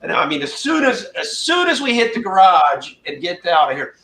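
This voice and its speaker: A man's voice: high-pitched, very animated, moderate pace, roomy sound, very noisy. A man casually telling a funny story on a livestream, acting out the people he quotes. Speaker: guest storyteller.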